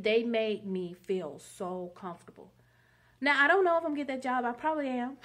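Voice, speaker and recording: A woman vlogger telling a long story in a rambling, chatty monologue. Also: fairly high pitch. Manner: chatty, rambling, many fillers.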